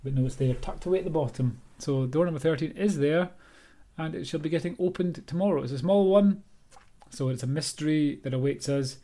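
A man's voice: on the high side, brisk, warm tone. A Scottish author hosting his own podcast, talking alone in a rambling, self-deprecating, chatty way. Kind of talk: casual solo podcast monologue.

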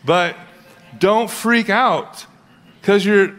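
Young guy pastor, kinda high voice, chatty sermon, jokes around a lot. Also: very slow, fairly bright tone, faint music behind. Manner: casual, conversational preaching with playful asides and acted-out quotes.

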